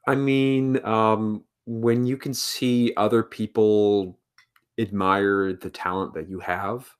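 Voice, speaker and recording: A man answering questionnaire questions in a casual podcast chat, slow and hesitant with many ums, over a remote call. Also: on the low side, flat delivery, smooth. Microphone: remote call with lag.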